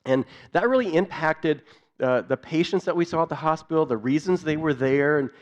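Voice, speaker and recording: A man's voice: a little high, normal speed, dull audio. Earnest man giving a church missions talk. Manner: earnest, builds repeated lists. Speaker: missions speaker.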